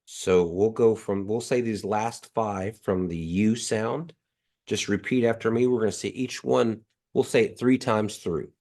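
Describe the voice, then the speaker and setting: Man, deep voice, nasal from allergies; patient teacher repeating sounds slowly for the class on a video call. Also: fairly even intonation, darkish tone. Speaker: language teacher. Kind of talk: online language class.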